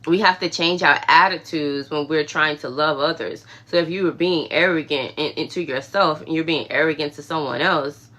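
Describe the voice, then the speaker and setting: A woman's voice: low voice, normal speed, hardly any pauses, fairly bright tone. A woman hosting a livestream, giving a casual, emphatic faith talk with conversational asides. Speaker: livestream host.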